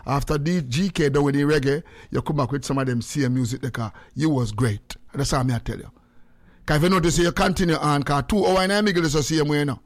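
Jamaican radio host guy, kinda high voice, chatty and preachy. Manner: lively, switching between English and patois, preachy. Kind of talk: casual chat.

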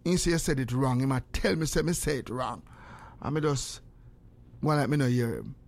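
A man's voice: mid-range voice, moderate pace, creaky. An older man with a Jamaican accent, telling stories in a casual way, acting out the exchanges he quotes, and breaking into prayer. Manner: animated, acts out quoted exchanges.

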